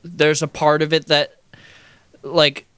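A man's voice: fairly high pitch, flat delivery, slow pace, sharp tone, clear, resonant tone, no echo. A man from the United States with an American accent, co-hosting a casual podcast chat, thinking aloud with hedges and fillers. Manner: thoughtful, hedging with fillers. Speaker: podcast co-host.

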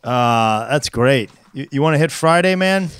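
A laid-back man chatting casually as a podcast co-host, with a smooth, resonant voice. He mostly offers short friendly reactions and easy remarks, recorded dry and close. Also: mid-range voice, lively intonation, a little slow, fairly bright tone, no echo. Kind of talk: casual chat about crossword puzzles.

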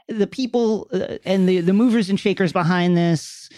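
Man, interview host, wry, measured, dry recording. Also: sits high, dark tone, no room sound. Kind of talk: interview hosting.

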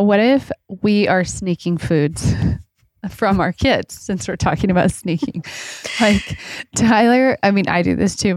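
Giggly chatty woman host, lowish voice, dry recording. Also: darkish tone, no echo. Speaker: podcast host. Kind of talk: casual chat.

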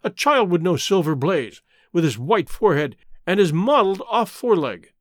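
A man reading aloud as a proud, excitable colonel with a brusque manner. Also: sits high, normal speed, dry recording, studio quality. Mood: indignant. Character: proud, agitated older male colonel, horse owner.

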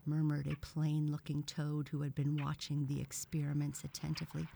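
Low-voiced woman reading a story. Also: monotone, moderate pace, creaky, mellow, a little hiss or hum. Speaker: narrator. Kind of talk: audiobook reading of a children's story.

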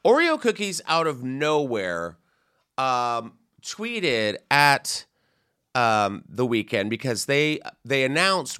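A man's voice: medium pitch, very animated, slow pace, bright, forceful tone, clear, resonant tone. A man co-hosting a comedy podcast, chatting casually and mocking celebrity gossip, breaking into squealing voices when he quotes people. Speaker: podcast co-host.

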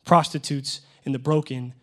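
A man preaching as a youth pastor, telling stories earnestly and emotionally, with sudden loud rises. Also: medium pitch, fairly even intonation, moderate pace. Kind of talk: preaching a sermon.

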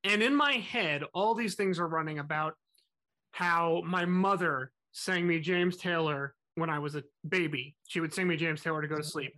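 Bright-voiced man telling a story. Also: fairly high pitch, normal speed. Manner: animated, self-mocking storyteller. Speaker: podcast co-host. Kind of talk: casual storytelling chat.

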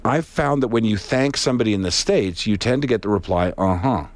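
A man's voice: fairly low pitch, animated, brisk. A man with a Canadian accent, co-hosting a radio show in easygoing, chatty talk. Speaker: radio co-host. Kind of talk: casual on-air chat.

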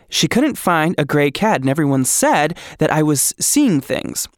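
A man hosting a podcast, chatting excitedly and joking while he reads out listener ghost stories. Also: a little high, unhurried, few pauses, dry recording, studio quality. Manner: excitable, gushing and jokey. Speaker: podcast host. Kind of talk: casual podcast chat and reading listener stories.

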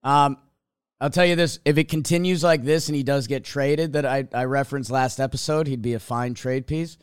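A man co-hosting a sports podcast, chatty and often laughing, with halting restarts. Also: medium pitch, steady tone, clean tone, no echo, clean studio sound. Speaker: podcast co-host. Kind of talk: casual sports talk.

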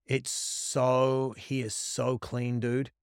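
A middle-aged man, a podcast guest, telling stories in an animated, profane way and acting out quoted lines. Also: medium pitch, extremely slow, creaky, smooth, no echo, studio quality. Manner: profane, emphatic, acts out quotes. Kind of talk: animated storytelling.

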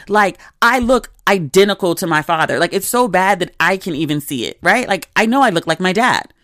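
A woman's voice: mid-range voice, animated, fairly quick, few pauses, a bit bright, no echo. Woman in her thirties, casual podcast host, candid and chatty, dry close recording. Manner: chatty, candid storytelling with asides. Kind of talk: casual chat.

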